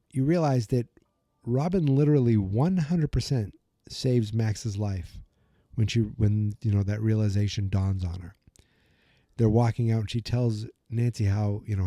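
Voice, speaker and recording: A man's voice: on the low side, moderate pace, mellow, dry recording, clean studio sound. A man hosting a podcast, chatting casually through an episode recap, with lots of "you know" and "like", and acting out the characters' lines as he goes. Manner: acts out character lines while retelling. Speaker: podcast host.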